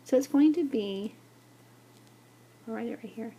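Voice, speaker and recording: Patient woman teaching, gravelly and mellow. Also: fairly high pitch, a little slow. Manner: patient, repeats "okay" and examples, many fillers. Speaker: Spanish teacher. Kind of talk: whiteboard lesson for students.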